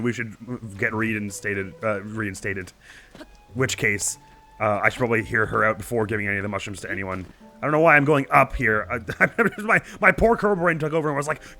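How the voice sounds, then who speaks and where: A young man with a slightly croaky morning voice, chatting and laughing at himself while playing a video game. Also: medium pitch, sharp tone. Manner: chatty, giggly, self-deprecating. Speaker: let's play host. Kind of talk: casual game commentary.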